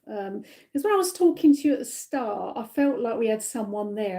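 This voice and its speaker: A woman from the UK giving a live-stream psychic reading, gentle and reassuring, with many fillers and tag questions, a little tired. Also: medium pitch. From United Kingdom. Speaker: psychic medium.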